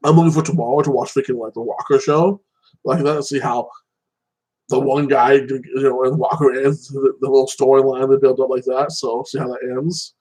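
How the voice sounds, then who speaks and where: A man's voice: medium pitch, level tone, moderate pace, a little mellow, slightly rough, poor audio. A young man in casual solo chat, rambling about a TV show and padding his sentences with "like this" and "like that". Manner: rambling, fills with "like this" and "like that". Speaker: show commentator.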